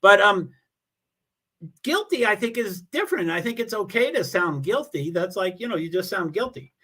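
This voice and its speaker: A man's voice: sits high, big pitch swings, normal speed, sharp tone, breathy edge. A man hosting a casual livestream, greeting viewers and reading their comments, talking in a rambling, self-deprecating way with many restarts.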